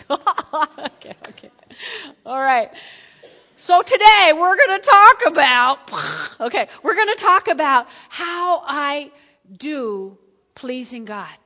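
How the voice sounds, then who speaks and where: A woman pastor delivers a sermon in a high, bright voice. She talks conversationally and repeats herself, moving between loud emphasis and hushed asides. The sound carries a long hall reverb. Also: sing-song, takes it slowly, pauses often.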